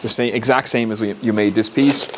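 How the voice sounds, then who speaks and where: A man's voice: lowish voice, fairly even intonation, a little fast, background noise. A man with an Irish accent casually talking through a woodworking build step by step, recorded in his home workshop. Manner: chatty, explains step by step, laughs at himself. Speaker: woodworking YouTuber.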